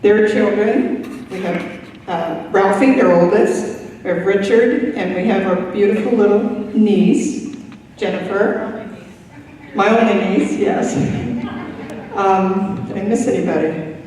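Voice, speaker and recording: An older woman giving a grateful, emotional retirement speech, pausing often. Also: mid-range voice, mellow. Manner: emotional, grateful, slow and halting with many pauses. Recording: echoey hall from far off.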